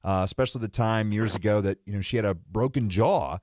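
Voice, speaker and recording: A man's voice: on the low side, fairly quick, darkish tone, no echo, clean studio sound. A male radio host doing an interview, upbeat, asking leading questions and plugging an upcoming show. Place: radio studio.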